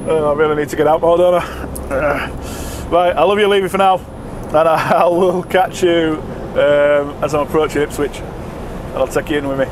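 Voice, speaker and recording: A man's voice: fairly high pitch, steady tone, normal speed. A man, chatting in a rambling, self-mocking way while driving his truck. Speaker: truck driver vlogger. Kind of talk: casual vlog chat while driving. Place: truck cab on the road. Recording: road noise in the cab.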